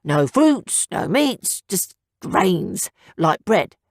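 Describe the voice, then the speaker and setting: A woman's voice: mid-range voice, very animated, extremely slow, dry recording, full character voice. Brash young male griffin, voiced by a woman, whiny and blustering; dry studio read. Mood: grumbling.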